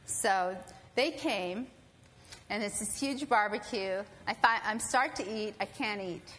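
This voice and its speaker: A woman telling a personal story to an audience, animated and acting out other people's voices. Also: mid-range voice, takes it slowly, slight background noise. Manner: animated, acts out quoted voices. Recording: long hall reverb, faint ambience.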